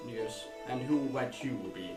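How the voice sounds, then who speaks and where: A man playing a stiff, cold male butler in a black suit, speaking low, quiet and curt. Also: measured pace, close to an everyday voice. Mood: aloof. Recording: roomy and distant, with music behind.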